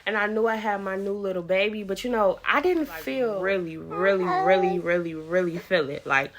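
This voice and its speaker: A woman's voice: medium pitch, moderate pace, crowd noise. Chatty young woman telling a story. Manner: chatty, repeats words, acts out quotes. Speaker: vlogger. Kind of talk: casual storytelling to camera.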